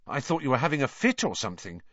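A man's voice: medium pitch, wildly swooping pitch, quick pace, fairly bright tone, dry recording, pitched above the performer's own voice. A man voicing a jittery, scared teenage boy who rambles nervously, on a dull lo-fi recording.

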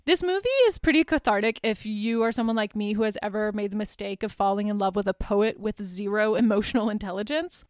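A woman's voice: fairly high pitch, no echo, clean studio sound. A woman hosting a podcast, recapping a movie in a casual, chatty way, full of fillers and small laughs. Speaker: podcast host.

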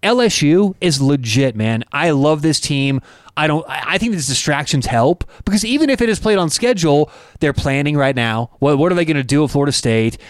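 A man's voice: on the high side, fairly quick, no room sound, studio quality. A man co-hosting a casual sports betting podcast, talking animatedly and joking around. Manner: animated, jokey, breaks into put-on accents. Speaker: co-host.

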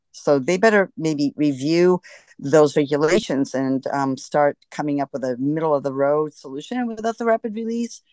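A woman's voice: low voice, a little mellow, dry recording. A woman guest in an interview, talking with frustrated urgency and breaking off to restart her sentences. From United States. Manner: frustrated, emphatic, restarts often. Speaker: guest, scuba diver. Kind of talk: impassioned interview talk.

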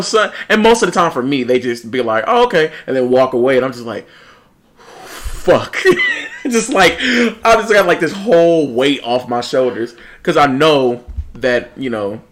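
A young man in casual chat, telling lively stories, mimicking people and laughing often. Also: medium pitch, a little slow. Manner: animated storyteller, mimics people, laughs a lot, swears.

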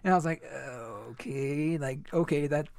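A man's voice: fairly high pitch, normal speed, vocal fry, darkish tone, dry recording. Chatty young man, dry close sound. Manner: rambling, heavy on "like" and "dude", casual swearing. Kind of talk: casual storytelling chat.

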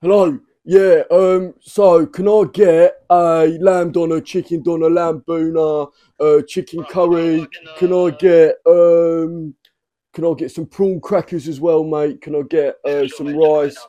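Brash Cockney customer, a young man doing the voice, raised and high, hesitant fillers. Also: level tone, slow, mellow.

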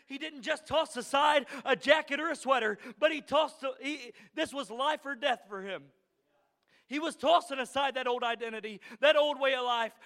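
A man preaching a sermon in a church, building to shouted emphasis with a repeating cadence, at times choked up with emotion. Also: extremely high pitch, creaky, in a large hall. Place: church sanctuary.

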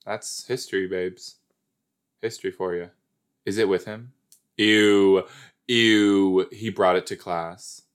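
The host of this casual watch-along podcast has a deep voice with fairly even intonation and a measured pace. His manner is playful and giggly, and he refers to his audience as "you guys."

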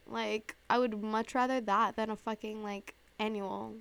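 A twenty-something woman hosts a casual chat podcast. She tells her story in a loose, expletive-laden way, fills it with "like", and acts out her own reactions with sudden high squeals. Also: moderate pace, gravelly, hardly any pauses, clear, resonant tone. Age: 20s. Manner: animated storytelling, heavy use of "like" and swearing; acts out her own past reactions with big jumps in pitch. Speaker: podcast host.

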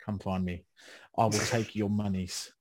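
A man's voice: lowish voice, little pitch movement, normal speed, a little mellow. A man with an Australian accent, hosting a podcast in a casual, bantering way and swearing freely. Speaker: podcast host. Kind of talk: casual chat.

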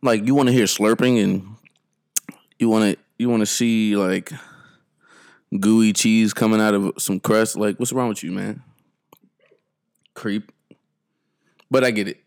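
Joking male podcast host, lowish voice. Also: fairly even intonation, a little slow, creaky, pauses often, a little mellow. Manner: joking, laughing often, rambling. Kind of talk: casual podcast chat.

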